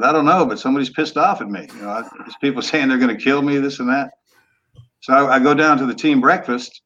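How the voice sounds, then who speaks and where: A man in his sixties, a former quarterback, telling stories in a relaxed, rambling way with some rough language. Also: medium pitch, muffled recording. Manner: laid-back, trailing off, rough language. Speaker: guest, former football quarterback. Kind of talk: casual storytelling interview.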